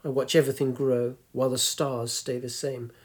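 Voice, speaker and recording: A man's voice: mid-range voice, level tone, normal speed, lightly acted. A man voicing a grumpy, wry old woman of ninety-two in a storybook reading, tart and teasing. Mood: reflective. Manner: tart, teasing, lecturing the young.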